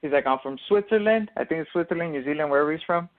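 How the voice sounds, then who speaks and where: A man talks through a sports opinion in a loose, rambling podcast chat, leaning on fillers and restarts. His voice sits a little high for a man, and the sound is thin and narrow like a phone line. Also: lively intonation, very fast. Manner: rambling, filler-heavy explaining. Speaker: podcast co-host. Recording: tinny phone-like audio.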